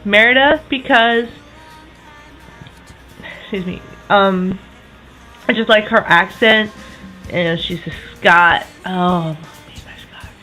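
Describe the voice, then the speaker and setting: Upbeat twenty-something woman, fairly high voice, casual to-camera chat full of quick asides, soft music in the background. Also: low-quality recording. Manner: chatty and enthusiastic, with quick self-correcting asides. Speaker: vlogger.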